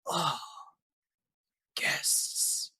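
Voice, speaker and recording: A giant crocodile lounges in the water and speaks slowly, his voice raspy and very low, as a man puts him on for a tabletop game. He sounds unhurried and relaxed. The sound is close and dry. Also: no echo, heavily acted. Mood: languid. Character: giant lazy male crocodile boss, slow and raspy.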